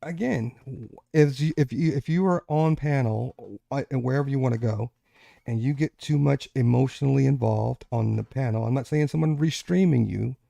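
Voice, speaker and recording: A man's voice: medium pitch, moderate pace, creaky, dark tone, no room sound. A man hosting a casual online panel discussion, talking in an emphatic, lecturing way. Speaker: host.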